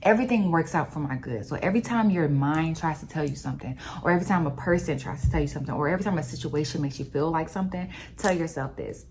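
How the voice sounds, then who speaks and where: Woman vlogger, low voice, animated storyteller, casual faith talk. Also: fast talker, a little hiss or hum. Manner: animated storyteller, expressive and conversational.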